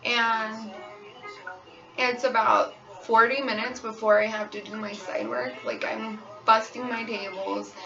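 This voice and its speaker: A young woman talks frankly to her phone camera in a personal vlog confession, her voice gravelly with a lot of fry. The recording is dull and lo-fi, she sits a little back from the mic, and a pop song plays clearly in the background. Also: a little high, level tone, measured pace, far from the mic, over music. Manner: candid, frank, storytelling. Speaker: waitress sharing her experience. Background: pop song playing on repeat.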